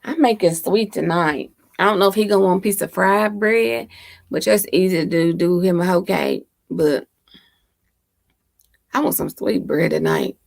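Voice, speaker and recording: A woman's voice: fairly low pitch, normal speed, creaky, dry recording, clean studio sound. A woman hosting a casual livestream, chatting and laughing with viewers and teasing them, speaking into her laptop microphone at home. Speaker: livestream host. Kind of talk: casual live chat with viewers.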